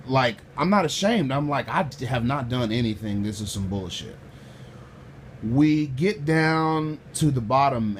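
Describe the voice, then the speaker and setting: A loud man telling a personal story with lots of swearing, acting out the people in it and swinging from quiet to shouting. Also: mid-range voice, a little hiss or hum. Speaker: storyteller recounting a personal run-in.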